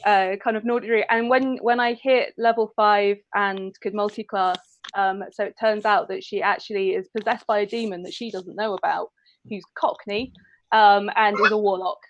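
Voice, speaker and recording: A woman's voice: mid-range voice, fairly even intonation, normal speed, highs cut off, a little hiss or hum. A woman chatting casually as a roundtable guest, hesitant and full of fillers. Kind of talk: casual chat.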